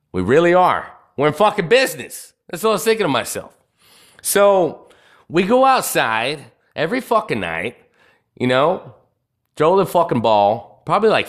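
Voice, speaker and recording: A man's voice: mid-range voice, fairly bright tone. A man hosting a live podcast, telling stories in a swaggering, profane rant full of asides to his listeners. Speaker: podcast host.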